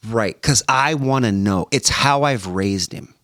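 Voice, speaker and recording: A man, a former football player appearing as a podcast guest, telling stories in a relaxed conversation. He acts out both sides of his phone calls and keeps saying "like" and starting over. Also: on the low side, a little slow, no room sound, studio quality. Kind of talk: animated storytelling in conversation.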